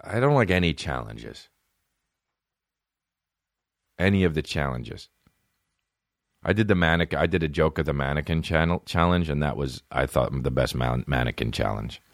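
Low-voiced man ranting on a solo podcast. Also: no room sound, clean studio sound. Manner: rambling, profane, animated, jumps into quick mock voices. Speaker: podcast host. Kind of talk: solo comedic podcast rant. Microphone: phone.

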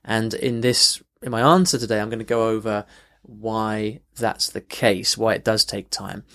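A man's voice: on the low side, fairly even intonation, a little slow, pushed and bright. A man hosting a language-learning podcast, answering a listener's question earnestly with frequent restarts and emphatic rises. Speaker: podcast host and language coach.

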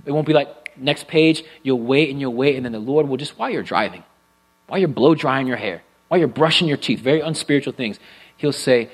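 Preaching man, hushed then rising. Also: medium pitch, a little fast, husky, rough recording. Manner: expressive preaching, swings between loud and hushed. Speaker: pastor. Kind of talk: sermon. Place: church sanctuary with live and online congregation.

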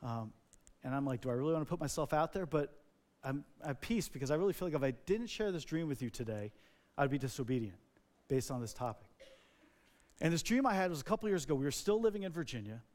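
A man's voice: mid-range voice, expressive, a little fast, a little mellow. A male pastor from New Jersey preaching a sermon, telling a personal story earnestly with filler words.

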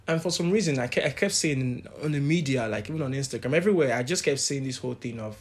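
Male co-host, candid, mid-pitched, casual faith chat. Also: fast. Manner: candid, animated when quoting others. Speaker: podcast co-host.

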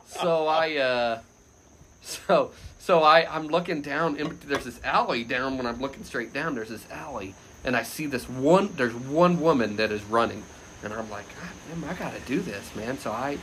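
Animated man telling a story, bright voice. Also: medium pitch, moderate pace, slight background noise. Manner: animated, loose, frequent laughter, shouts quoted lines loudly. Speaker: podcast guest. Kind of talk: casual anecdote storytelling.

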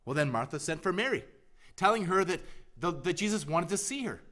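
Emphatic preacher man, higher voice. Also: animated, brisk. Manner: emphatic, repeated rhetorical questions, swings from loud to hushed. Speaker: pastor. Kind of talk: sermon.

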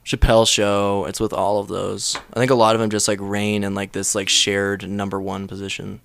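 A man's voice: on the low side, little pitch movement, moderate pace, vocal fry, a bit bright, clear, resonant tone, no room sound. A man who writes comedy, hosting a casual chat, rambling through stories and laughing at his own jokes. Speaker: comedian and podcast host.

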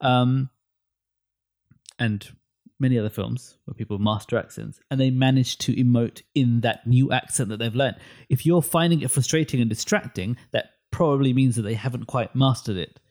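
A man co-hosting a casual film chat, opinionated and animated, often restarting his words. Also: mid-range voice, moderate pace.

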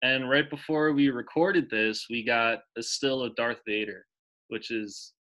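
A man's voice: medium pitch, measured pace, sharp tone, highs cut off. A man in his twenties co-hosting a casual podcast chat, enthusiastic and emotional, rambling with restarts. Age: 20s. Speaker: podcast co-host.

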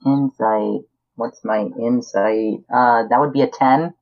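A woman's voice: a bass voice, steady tone, slow. A woman playing in a casual tabletop game, laid-back and easygoing. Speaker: player. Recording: dull lo-fi mic.

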